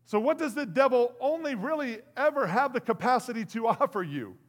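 An animated male pastor delivering a sermon with a high, lively voice. He swings from loud, excited bursts to quiet, hushed lines and acts out what people say. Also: a little fast.

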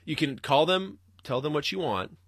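A man's voice: on the high side, expressive, moderate pace, fairly bright tone, husky, dry recording, studio quality. A young man hosting a podcast, ranting and rambling solo with lots of swearing and laughter. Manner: rambling, profane, laughing ranter. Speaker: podcast host.

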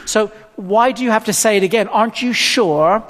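A man's voice: high-pitched, normal speed, a bit bright. A man with a long hall reverb voicing the enemy as a sly, needling inner voice of doubt. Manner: needling, questioning.

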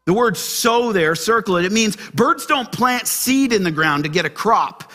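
A man preaching a sermon to his church, asking the congregation questions and shifting between loud emphasis and soft, gentle asides. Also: high-pitched, normal speed. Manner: animated, asks the congregation questions. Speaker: pastor.

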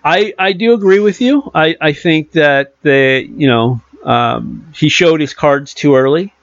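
A man's voice: a little high, measured pace, no room sound. A man casually discussing a movie, retelling scenes animatedly with fillers like "uh" and "you know". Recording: dull lo-fi dry recording.

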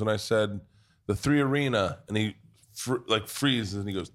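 A man's voice: lowish voice, fairly even intonation, quick pace. A man hosting a podcast in a pub, telling a rowdy story full of swearing in casual chat. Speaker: podcast host.

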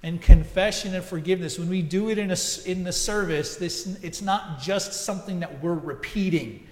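Male pastor, higher voice, chatty sermon, echoey sanctuary. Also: moderate pace. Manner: conversational storytelling with asides. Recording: echoey church hall.

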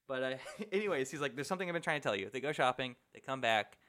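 A man's voice: mid-range voice, fast talker. A young man co-hosting a casual movie podcast, laughing often and acting out lines from the film. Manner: animated, laughs often, quotes characters. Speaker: podcast co-host.

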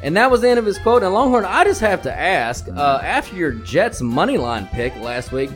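A man's voice: high voice, very animated, normal speed, soft background music. A man co-hosting a comedic sports betting podcast, brash and profane, telling mock-grand stories. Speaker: podcast co-host.

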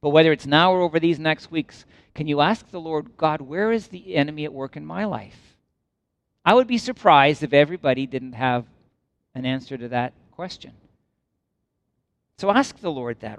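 A man preaching a sermon, reading scripture aloud and driving points home with emphatic repetition. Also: no room sound. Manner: swings between raised emphatic lines and quiet low asides.

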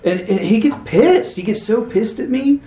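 A man's voice: extremely high pitch, animated, moderate pace, mellow. A man in his forties, a podcast co-host, telling candid stories in a casual group conversation. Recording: echoey room.

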